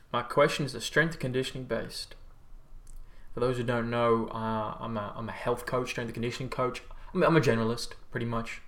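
Laid-back Australian man livestreaming. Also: mid-range voice. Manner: rambling, laid-back, swears freely. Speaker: livestreamer and health coach. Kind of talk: casual livestream chat answering viewer comments.

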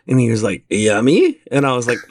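A man's voice: medium pitch, rapid-fire, no echo, studio quality. A young man and father telling funny stories in a casual chat, acting out what people said and laughing often. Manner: animated storyteller acting out quoted dialogue, laughs often.

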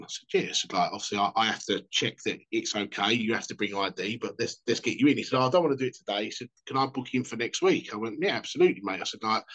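A man's voice: mid-range voice, a bit bright. A man telling sweary, jokey anecdotes in a casual chat. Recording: dull lo-fi sound.

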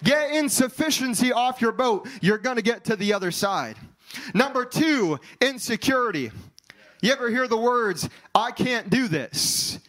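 Pastor, man, very high-pitched voice, sermon delivery with sing-song runs and shouted peaks. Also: animated, normal speed, rough recording. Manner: preaching with rising sung cadences and shouts.

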